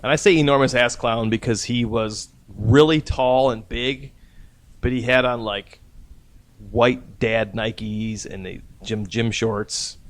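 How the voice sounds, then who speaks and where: A man's voice: medium pitch, fairly even intonation, slow pace. A man hosting a casual podcast, telling a rambling, profane anecdote and laughing at his own story. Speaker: podcast host.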